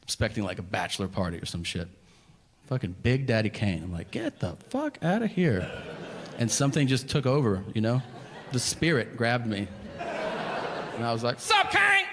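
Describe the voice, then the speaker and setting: A man doing a stand-up comedy set, telling stories with animated, yelled impressions. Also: lowish voice, moderate pace, pauses often. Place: comedy venue stage. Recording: live venue with long reverb and audience noise.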